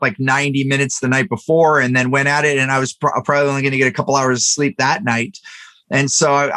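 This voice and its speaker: A man in his thirties or older, a podcast guest, telling a story in an animated way with frequent restarts. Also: mid-range voice, no room sound. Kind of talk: storytelling interview talk.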